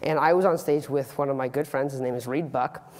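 A man's voice: mid-range voice, brisk. Earnest teenage boy in a hall. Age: teens. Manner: earnest, animated, with comic asides. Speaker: student speaker. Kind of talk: youth public talk. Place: auditorium stage.

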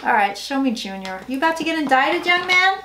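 A woman's voice: high voice, very animated, a little fast, echoey room, very noisy. A woman doing a casual livestream tarot reading, brash, profane and joking as she talks. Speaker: psychic tarot reader.

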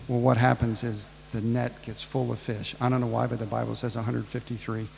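A man's voice: mid-range voice, fairly even intonation, fairly quick, creaky, hardly any pauses, a little mellow, long reverb tail, slight background noise, low-quality recording. A man preaching a casual storytelling sermon, ad-libbing and acting out the people in the tale. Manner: casual, ad-libbing retelling with acted-out voices.

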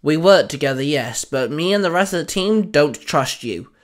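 A man's voice: a little high, sing-song, slow. Man doing a cold blunt young woman, curt, snapping, raised voice, audio story.

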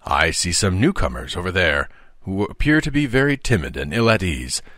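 Brief: man playing a calm, gently teasing prefect, lively low voice, dry close sound. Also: moderate pace, no room sound, exaggerated voice. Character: kind but shrewd male school prefect, middle-aged.

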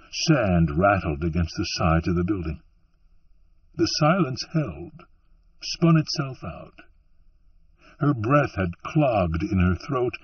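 A man reading an audiobook in a slow, measured storytelling manner. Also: lowish voice, husky, dry recording, recorded from a distance. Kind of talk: scripted audiobook narration. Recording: muffled, dry, from off-mic.

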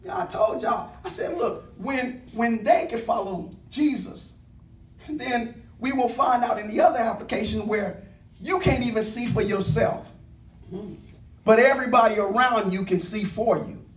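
A man's voice: very high voice, moderate pace. A man preaching a sermon as pastor, speaking with call and response and acting out the voices of people in his stories. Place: church sanctuary. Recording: echoey church room, mic at a distance. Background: congregation responding with amens.

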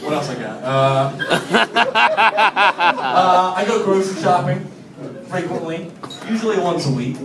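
A young male comedian works an open mic in a bar and grill. His voice is on the high side, loose and profane, and he chuckles through his lines. He is heard from far off in an echoey room over a noisy crowd. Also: lively intonation, slow pace, pauses often. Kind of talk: stand-up comedy set.

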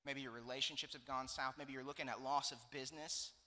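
A man in his thirties preaching a sermon as pastor, telling a story in an animated, joking way. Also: medium pitch, fast talker. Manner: animated storytelling with laughs and asides. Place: church auditorium. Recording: long hall reverb.

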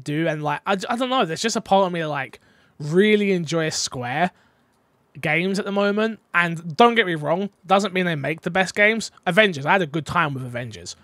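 A man's voice: a little high, fairly bright tone, dry recording. A man hosting a casual gaming podcast, playful and teasing as he reads out listener questions. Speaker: podcast host.

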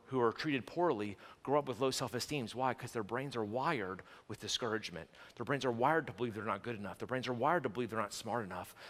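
A male pastor preaching a sermon in a church sanctuary, animated and conversational with quick restarts and jokes. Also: fairly high pitch. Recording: long church hall reverb.

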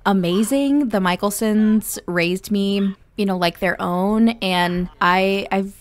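A woman's voice: medium pitch, slow pace, dry recording, lightly acted. A woman voicing a polite young man.

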